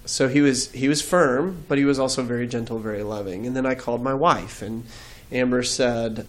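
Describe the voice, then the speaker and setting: A man's voice: medium pitch, fairly even intonation, fairly quick, few pauses. Earnest reflective man telling his story. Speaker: guest. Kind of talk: faith interview storytelling.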